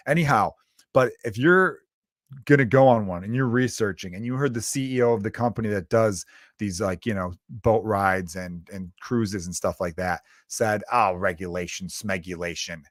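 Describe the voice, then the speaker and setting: Lowish-voiced and moderately paced, a podcast host and stand-up comedian living in Chicago riffs through an exasperated, profane solo comedy rant. The studio sound is clean with no echo.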